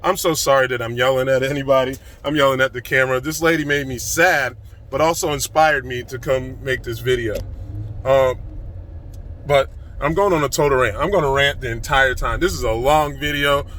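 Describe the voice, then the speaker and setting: A man giving an excited, emphatic motivational rant to his phone camera, recorded in a car. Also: mid-range voice, a little hiss or hum. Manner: excited, fast-flowing, emphatic. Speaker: vlogger.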